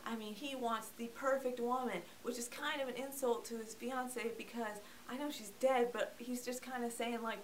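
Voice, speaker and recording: Casual vlogger, woman, joking movie reviewer with a slightly high voice. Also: fairly even intonation, normal speed, hardly any pauses, a little hiss or hum. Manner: chatty and joking, acts out characters.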